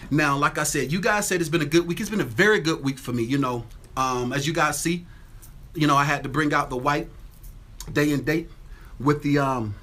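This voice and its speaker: Guy on a phone stream from his house, bright punchy voice, keeps shouting out viewers and repeating his sayings. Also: medium pitch. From Atlanta, Georgia. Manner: greets viewers by name, repeats catchphrases. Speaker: livestream host. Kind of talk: casual livestream chat. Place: home with windows open.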